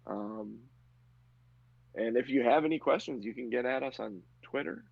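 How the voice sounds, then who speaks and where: A man narrating a tabletop game as game master, relaxed and chatty. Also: medium pitch, moderate pace, creaky, breathy edge, dry recording. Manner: relaxed, chatty, laughs easily. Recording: lo-fi muffled audio.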